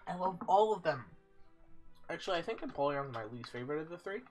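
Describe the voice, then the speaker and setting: A man's voice: mid-range voice, big pitch swings, normal speed, soft background music. A man playing a video game and commenting casually, reading the game text aloud, joking and swearing as he goes. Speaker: let's play host.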